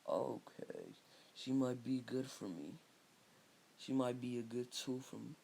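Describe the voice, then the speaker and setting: A man voicing a calm, scheming snake-like villain who speaks slowly and quietly. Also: medium pitch, vocal fry, a little hiss or hum.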